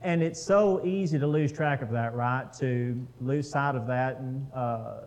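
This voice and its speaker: A man's voice: medium pitch, unhurried, a little mellow, slight background noise, rough recording. A man leading a casual Bible study, talking with the group, putting questions to them and reading scripture aloud.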